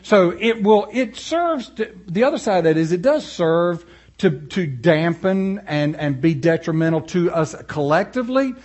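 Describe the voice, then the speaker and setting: A man's voice: high voice, normal speed. Folksy preacher man. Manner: folksy, animated storytelling with asides. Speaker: pastor. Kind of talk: sermon.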